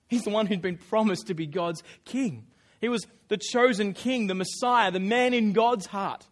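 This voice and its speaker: A man preaching a sermon, telling the story with lively, acted-out asides and quick self-corrections. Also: sits high.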